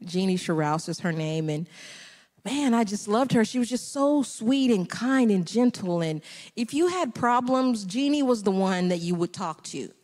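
A woman's voice: medium pitch, lively intonation, moderate pace, darkish tone, in a large hall. A middle-aged woman sharing a personal testimony on a church panel, laughing often as she tells it. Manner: laughs often while telling her story. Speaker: panel guest.

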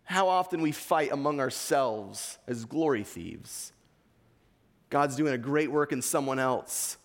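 Speaking at a measured pace, an East Coast American man in the role of pastor gives a sermon, reading from scripture and making his case with earnest force. His medium-pitched voice has lively intonation. The sound carries a long hall reverb.

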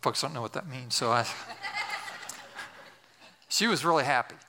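A man's voice: mid-range voice, expressive, a little slow, big-room sound, background noise. An older male pastor telling a story in a sermon, with humorous, self-deprecating asides.

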